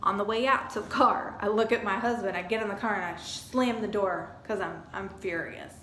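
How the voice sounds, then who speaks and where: A woman vlogger telling a chatty, animated story about a purchase. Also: medium pitch, a little fast, hardly any pauses, a little hiss or hum. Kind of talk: casual storytelling review. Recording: echoey room with faint ambience.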